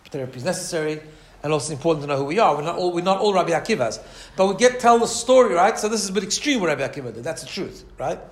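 A man with a fairly high voice gives a Torah lecture in a relaxed, conversational manner. He keeps checking in with his listeners and acts out the characters in his stories. The room adds a noticeable echo. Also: rapid-fire, hardly any pauses. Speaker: rabbi teaching a class.

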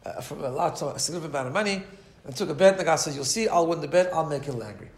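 A man with a fairly high voice gives a Torah lecture in a relaxed, conversational manner. He keeps checking in with his listeners and acts out the characters in his stories. The room adds a noticeable echo. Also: rapid-fire. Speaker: rabbi teaching a class.

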